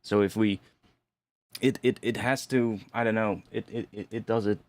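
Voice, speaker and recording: A man's voice: fairly low pitch, fairly even intonation, moderate pace, no room sound. A young man casually talking through his music production on a live stream, rambling and restarting his sentences as he thinks aloud, with some mild swearing.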